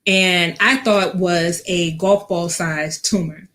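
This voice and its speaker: Young woman vet tech, lowish voice, lots of ums, acts out what people said. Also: steady tone, slow pace, a bit bright. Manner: many fillers, acts out quoted speech. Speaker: guest, vet tech and animal scientist. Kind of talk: casual interview storytelling.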